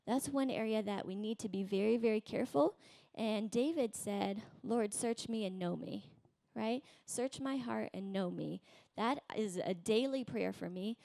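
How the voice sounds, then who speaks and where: A woman in her thirties preaching a sermon in a conversational way, tagging her points with a quick "right?" and acting out quoted voices. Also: gravelly, dark tone, no room sound. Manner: acts out voices in quotes, rising high. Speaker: pastor.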